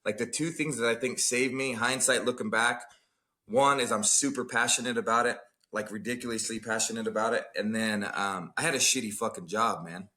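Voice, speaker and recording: A man's voice: medium pitch, fairly even intonation, fairly quick, sharp tone. A man from Arizona, a gym owner telling stories on a podcast in a blunt, profane, casual way. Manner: blunt, heavy swearing. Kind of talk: casual storytelling.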